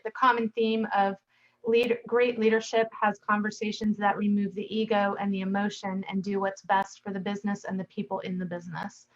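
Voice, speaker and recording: A woman's voice: mid-range voice, dull audio. A woman hosting a podcast, summing up the conversation in casual chat. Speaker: podcast host.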